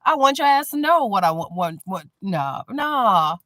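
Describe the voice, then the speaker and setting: A woman chatting casually on a live stream, blunt and animated, often breaking into laughter. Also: medium pitch, unhurried, no echo. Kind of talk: casual chat.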